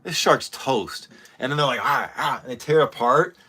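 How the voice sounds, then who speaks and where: A man in his forties talks his way through a casual vlog, rambling and excitable, with plenty of profanity. His voice is bright and forceful, at a middle pitch. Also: normal speed, breathy edge. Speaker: channel host.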